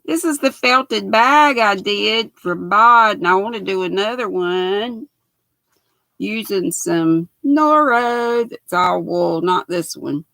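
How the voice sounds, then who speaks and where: A raspy-voiced older woman with a Southern drawl hosts a relaxed knitting livestream, chatting with viewers in a folksy way. Her unhurried talk has a gravelly edge, and the sound is dry, close and bright, picked up by a built-in laptop mic. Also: mid-range voice, no echo. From United States. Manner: chatty, folksy, reads viewer comments aloud. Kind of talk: casual livestream chat.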